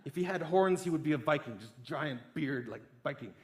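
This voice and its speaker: A fairly high-voiced young man delivers a talk as a vivid story. He builds up energy and enthusiasm as the tale climbs to its peak, and his delivery stays conversational and expressive throughout. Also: fairly quick. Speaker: speaker giving a talk.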